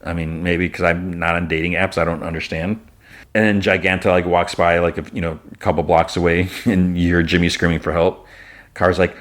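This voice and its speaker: A man's voice: deep voice, flat delivery, brisk, fairly bright tone. A male podcast host casually recapping an episode, rambling with lots of fillers. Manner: rambling, filler-heavy storytelling.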